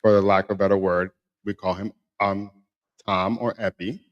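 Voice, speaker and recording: A man in his thirties, a podcast co-host, telling a personal story in casual conversation, emphatic and animated, repeating phrases for effect. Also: fairly low pitch, moderate pace, dull audio.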